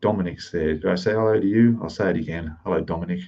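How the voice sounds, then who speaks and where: A man's voice: sits low, fast, highs cut off. An Australian man hosting a live stream, greeting chat viewers one by one and keeping his voice down in a rented room. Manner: speaking softly, keeping voice down.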